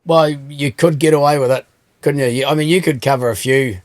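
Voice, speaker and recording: A man's voice: mid-range voice, fairly even intonation, a little fast, dry recording. Cheeky New man spinning yarns. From New Zealand. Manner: cheeky yarn-spinner, swears freely, dry humour. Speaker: host. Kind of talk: casual chat.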